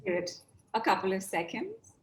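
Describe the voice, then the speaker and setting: A woman's voice: mid-range voice, very animated, a little hiss or hum. A woman facilitator guiding a group exercise over a video call, stretching out her instructions with emphasis. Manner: slow, drawn-out instructions, emphatic. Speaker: workshop facilitator.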